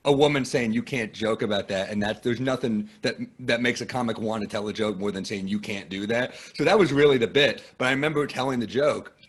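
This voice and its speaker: A comedian from the United States, guesting on a podcast, shares self-deprecating anecdotes in a casual interview chat. He has an American accent and a medium-pitched, slightly rough voice, speaking briskly with few pauses.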